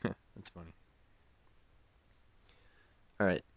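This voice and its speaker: A man's voice: very slow, no echo. A man casually reading jokes aloud and following each one with dry, self-mocking asides. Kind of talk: casual joke reading with commentary.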